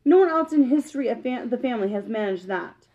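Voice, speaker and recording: A woman's voice: a little high, animated, quick pace, warm tone. A woman reading aloud, voicing a grave, sensible aunt mouse in a storybook.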